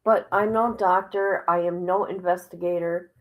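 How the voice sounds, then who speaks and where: A woman hosting a casual livestream, reading a report aloud haltingly and breaking off with exclamations and asides to her viewers. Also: fairly low pitch, fairly even intonation, rough recording. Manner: drops into whispers at times. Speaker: livestream host.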